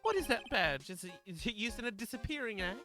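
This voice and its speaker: A woman's voice: a little high, sing-song, quick pace, over music, voice pushed up. A woman voicing a flamboyant, vain male circus magician who speaks grandly in a game dub. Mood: haughty. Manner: grandiose and theatrical, calls people sweetie.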